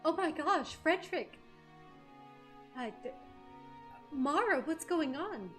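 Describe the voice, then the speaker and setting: A woman player with a high voice speaks slowly, reacting excitably to the story. Faint music sits behind her. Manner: excitable, reacts with gasps and exclamations. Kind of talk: tabletop game chat.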